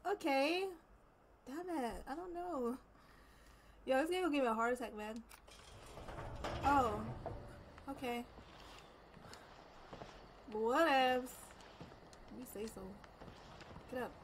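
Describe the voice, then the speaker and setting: Woman gamer, casual let's-play talk, jumpy and exclaiming, slightly high voice, noisy recording. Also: slow, long pauses. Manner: jumpy, exclaiming, repeats herself when nervous. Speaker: gamer streaming a horror game. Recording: noticeable background noise.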